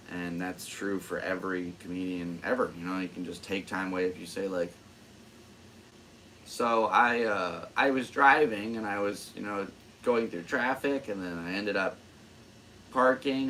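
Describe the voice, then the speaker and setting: A man's voice: deep voice, fairly bright tone, slight background noise. Rambling, self-amused young man. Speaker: podcast host, stand-up comedian. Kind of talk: casual solo chat.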